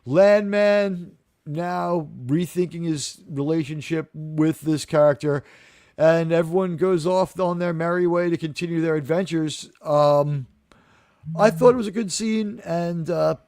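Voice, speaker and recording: A fairly high-voiced man hosts a live chat about a TV episode, animated and quick to act out quoted lines. His voice sounds close and dry, with no room around it. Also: dry recording. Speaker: host of a TV review discussion. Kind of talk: casual chat, recapping an episode.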